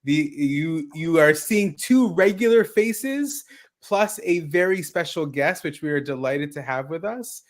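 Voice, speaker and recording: A man hosting a tech livestream, energetic and exclamatory as he welcomes viewers and guests. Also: on the high side, unhurried. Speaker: livestream host.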